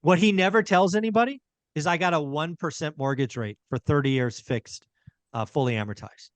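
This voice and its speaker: A middle-aged man who hosts a podcast, talking casually and with emphasis. His voice sits a bit high for a man. He comes across dry and close, with no room around him. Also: fairly quick, no echo. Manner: emphatic, repeats key points. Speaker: podcast host. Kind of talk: casual real estate chat.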